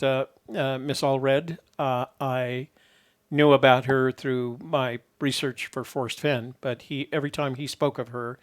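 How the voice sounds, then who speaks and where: A man hosting a call-in show, chatting easily with callers and rambling with lots of fillers. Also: mid-range voice. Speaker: host.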